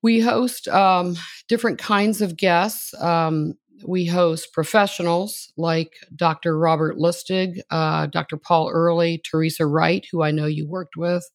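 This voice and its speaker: Gravelly-voiced chatty podcast host. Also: medium pitch, fairly even intonation, unhurried, few pauses, dry recording. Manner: chatty, admiring, conversational. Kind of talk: interview introduction and questions.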